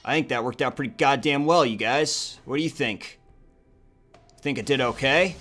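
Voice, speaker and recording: A young man giving crude, joking commentary over a card video game, swinging from low mutters to loud cheering. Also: moderate pace, soft background music. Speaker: gaming YouTuber. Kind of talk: profane gameplay commentary.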